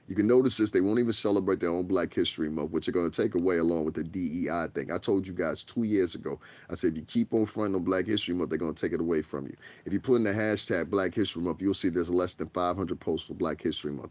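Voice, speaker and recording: Blunt, profane low-voiced man on a livestream. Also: dry recording. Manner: blunt, profane, streetwise, repeats "you know what I'm saying". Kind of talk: casual livestream rant.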